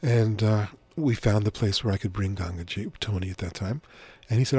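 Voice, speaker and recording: Husky low-voiced man telling a story. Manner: gentle, unhurried storyteller. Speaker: author and spiritual teacher as guest. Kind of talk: relaxed radio interview storytelling.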